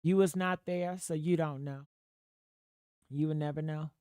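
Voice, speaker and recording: A woman hosting a livestream, chatting casually with her viewers in a profane, gossipy way with sudden loud outbursts. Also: deep voice, steady tone, unhurried, clear, resonant tone, no echo, studio quality. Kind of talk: casual gossip commentary to a live chat.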